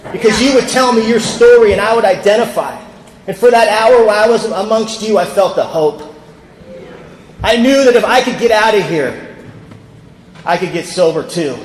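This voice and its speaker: Man, higher voice, sharing his recovery story at a convention podium; echoing hall with a long tail. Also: normal speed, long pauses. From California. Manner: storytelling, acts out quoted people. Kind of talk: personal recovery story told to a crowd. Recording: echoey hall with long reverb.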